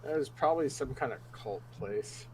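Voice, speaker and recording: A man's voice: mid-range voice, lively intonation, normal speed, a little hiss or hum. A man co-hosting a casual talk show, adding dry quips and teasing corrections. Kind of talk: casual chat.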